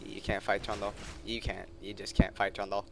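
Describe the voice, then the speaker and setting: A man's voice: lowish voice, monotone, moderate pace, creaky. A young man giving casual, joking commentary over a video game, swearing offhand as he plays. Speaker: gameplay commentator.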